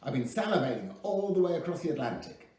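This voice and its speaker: A man's voice: on the high side, big pitch swings, quick pace, pitched above the performer's own voice. A man voicing a brash, pushy middle-aged American tycoon with an American accent. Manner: loud, pushy, flashy. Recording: echoey room, mic at a distance.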